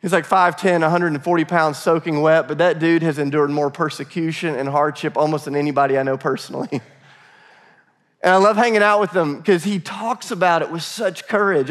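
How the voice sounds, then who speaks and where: Pastor, American man, slightly high voice, conversational sermon with acted dialogue. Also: a bit bright. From United States. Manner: conversational, laughing asides, acts out dialogue.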